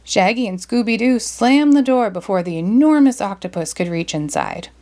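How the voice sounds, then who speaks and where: A woman reading a spooky children's storybook aloud. Her voice swoops and bounces a lot, keeping the narration lively and expressive for young listeners. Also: mid-range voice, normal speed. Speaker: storybook reader.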